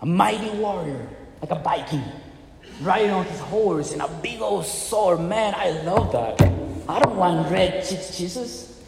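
A man's voice: high-pitched, unhurried, creaky, noisy background. A man preaching a sermon with impassioned, dramatic storytelling in a church hall. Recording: echoey hall with long reverb.

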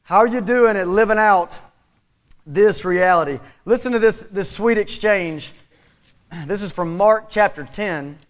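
Pastor guy with a really high voice preaching a sermon, keeps asking the church questions. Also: unhurried. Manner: asks the congregation questions, repeats phrases for emphasis.

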